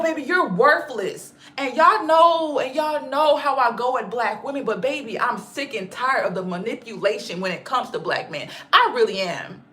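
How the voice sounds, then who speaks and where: Woman, high voice, sharp bright tone, ranting vlog commentary, profane, repeats herself for emphasis. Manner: calls her listeners "baby". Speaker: channel host.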